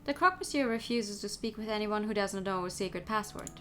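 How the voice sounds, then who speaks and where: A woman's voice: medium pitch, slight background noise, natural voice. A woman voicing a formal, apologetic male fox informant in a game. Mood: polite. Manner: formal, measured.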